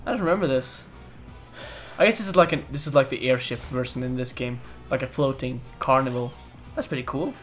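A young man casually commentating a co-op platform game, excitable, cursing often and bursting into loud laughter. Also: mid-range voice, a little fast, soft background music. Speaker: gaming video host. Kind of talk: casual let's-play commentary.

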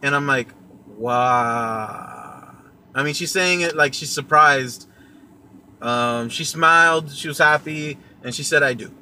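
A young man telling a personal story in a casual, rambling way, full of "um"s and restarts. His voice sits a bit high and sounds bright and tense. A faint hum runs underneath. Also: normal speed. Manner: rambling, with many fillers and restarts. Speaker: podcast host and vlogger.

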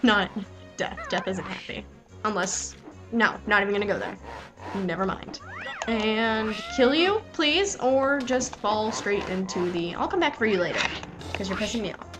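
A young adult woman giving chatty, excitable gameplay commentary and talking back to the game characters. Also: mid-range voice, moderate pace, low-quality recording. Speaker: let's play gamer. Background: game music.

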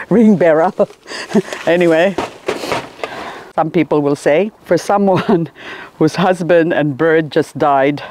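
A woman's voice: sits low, a little mellow, no echo. A woman vlogging casually about her succulents and married life, laughing often mid-sentence. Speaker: gardening vlogger. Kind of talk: casual chat to camera.

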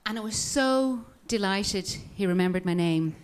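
A woman's voice: medium pitch, animated, normal speed, smooth. An Irish woman doing a wry, self-mocking stand-up routine in a comedy club. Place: comedy club with live audience.

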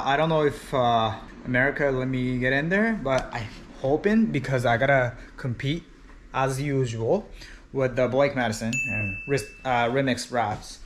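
A man's voice: mid-range voice, a little hiss or hum, poor audio. A man who wraps cars, narrating his shop work casually with many fillers and restarts. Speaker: vinyl wrap installer. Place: workshop.

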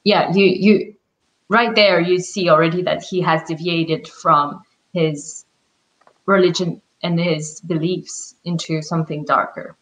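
A woman guest in a casual book discussion, speaking in a measured, thoughtful way and pausing to find words. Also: fairly low pitch, fairly even intonation, a bit bright, low-quality recording.

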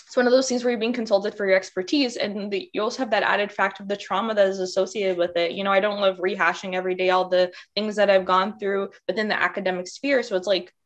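A woman's voice: mid-range voice, fairly even intonation, fast, hardly any pauses. A woman speaking as a panelist in a candid discussion, passionate and outspoken. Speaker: workshop panelist.

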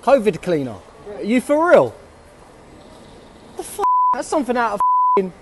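A man's voice: very high-pitched, sing-song, moderate pace, heavy background noise. A British man confronting people on the street, firing the same questions again and again. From United Kingdom. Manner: confrontational, repeats his questions. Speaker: passer-by filming.

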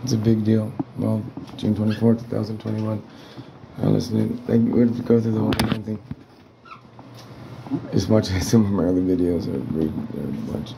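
Agitated man, profane home rant, flat gravelly delivery, noisy recording. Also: lowish voice, moderate pace. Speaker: tenant vlogger. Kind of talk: angry rambling rant. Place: apartment indoors.

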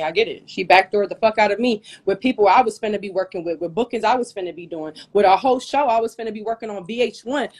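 In a heated livestream rant, a woman hosting the stream talks into her phone, hot and sweating, swearing angrily at a rival. Her mid-range voice is husky and her manner is confrontational.

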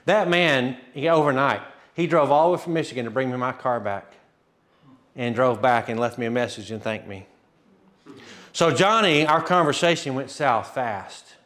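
A man's voice: medium pitch, normal speed, fairly bright tone. A man pastor telling a testimony in a sermon, acting out dialogue and laughing often. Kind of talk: sermon storytelling.

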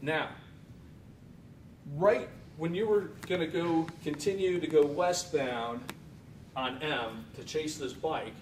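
A man questioning a witness in a courtroom cross-examination, leading him with short questions and frequent checks for agreement. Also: takes it slowly. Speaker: defense attorney. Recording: echoey room from far off, faint rumble.

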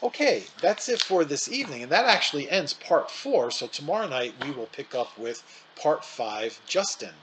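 A man reads a children's book aloud with animated storytelling. His voice is lively, with wide swings in pitch, and a faint ambient hum sits behind him. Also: moderate pace, few pauses, rough recording.

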